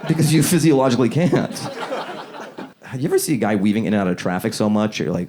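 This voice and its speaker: A man performing a stand-up comedy set on a club stage, acting out characters in quick asides. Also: on the low side, heavy background noise. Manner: animated, acts out voices in quick asides. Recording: loud audience laughter behind.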